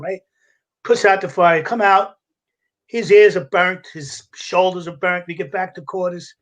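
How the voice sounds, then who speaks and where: A man's voice: high-pitched, unhurried. Older New man telling war stories. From United States. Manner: animated storyteller with a gruff, salty edge, acting out voices and laughing. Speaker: podcast guest, retired fire captain. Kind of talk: casual storytelling.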